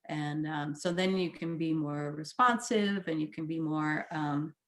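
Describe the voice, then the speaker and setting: Gentle soothing woman therapist. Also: sits low, unhurried. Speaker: therapist guest. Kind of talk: casual conversation.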